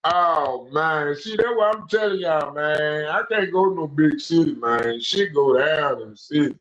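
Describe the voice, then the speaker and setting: A young man hosting a casual livestream panel, telling stories in an animated, slangy way. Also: fairly high pitch, measured pace. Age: young adult. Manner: animated ranting storyteller, slangy. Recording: echoey, dull lo-fi audio.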